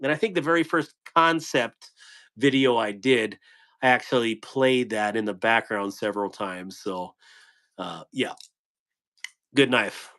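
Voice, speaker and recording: A man of middle pitch hosts a relaxed live stream. He talks in a loose, rambling way and drops one corny dad joke after another for his viewers. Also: a little slow. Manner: rambling, telling corny jokes. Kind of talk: casual live stream chat.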